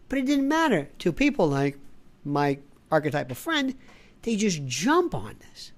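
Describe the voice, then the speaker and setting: Middle-aged woman host, opinionated monologue, sarcastic, lively swooping pitch. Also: measured pace. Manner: sarcastic, animated, mocking indignant voices. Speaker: podcast host.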